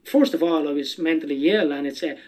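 A man's voice: on the high side, a little fast, warm tone, rough recording. A man telling stories as a podcast guest, rambling and swearing freely. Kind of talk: casual storytelling.

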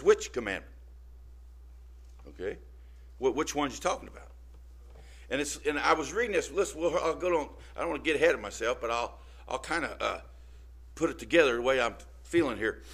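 A man preaching a casual, down-to-earth sermon. His voice is bright and forceful, and he keeps pausing to check in with his listeners. He talks his way through the text rather than reading a script. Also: mid-range voice. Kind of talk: informal sermon.

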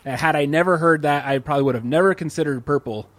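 A man's voice: on the high side, fast talker, fairly bright tone, dry recording. A man co-hosting a podcast in casual chat, laid-back and laughing often. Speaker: podcast co-host.

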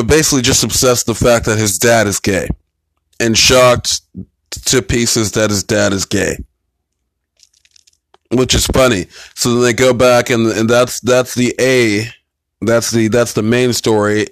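A man's voice: medium pitch, dry recording, rough recording. A man casually reviewing TV episodes, retelling scenes in a blunt, profane, rambling way.

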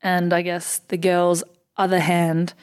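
In a casual podcast interview, a twenty-something Australian basketball player tells upbeat, chatty stories full of "like" and "um." Her voice is on the low side and clean, delivered slowly and completely flat.

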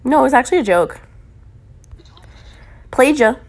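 A woman's voice: high voice, animated, moderate pace. A woman guesting on a podcast, chatting casually, teasing bluntly and swearing freely. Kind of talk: casual chat.

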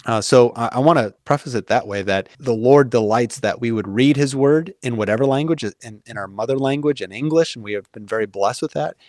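A man's voice: mid-range voice, brisk, few pauses, a little mellow, dry recording, clean studio sound. Earnest man explaining at length. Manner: earnest, thoughtful, many fillers and restarts. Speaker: guest. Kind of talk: casual conversational explaining.

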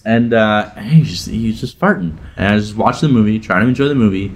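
Animated rambling man telling a story. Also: lowish voice, fairly quick, slight background noise. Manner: rambling, animated, laughs often, many restarts. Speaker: storyteller guest. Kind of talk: casual storytelling chat.

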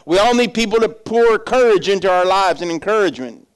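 A man's voice: sits high, lively intonation, fairly quick, clean tone. A middle-aged male pastor preaching a sermon in a loose, conversational way, telling stories and acting out the voices in them. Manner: conversational storytelling preacher, acts out voices in anecdotes.

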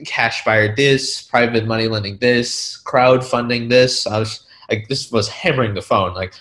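A man's voice: medium pitch, a little slow. Rambling casual male storyteller. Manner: rambling, heavy on filler words, animated retellings. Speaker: real estate investor.

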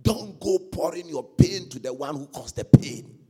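A man preaching a sermon as pastor, swinging from quiet asides to loud shouted exhortation. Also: high voice, expressive, a little slow, husky.

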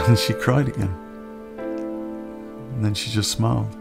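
A man telling a personal story on a podcast in a plain-spoken, unhurried way with pauses. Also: on the low side, vocal fry.

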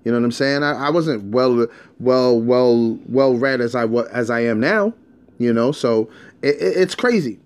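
A man's voice: medium pitch, moderate pace, smooth. A man telling a personal story in a casual monologue. He speaks candidly in streetwise slang, repeating words and restarting his sentences. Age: adult, past his teens.

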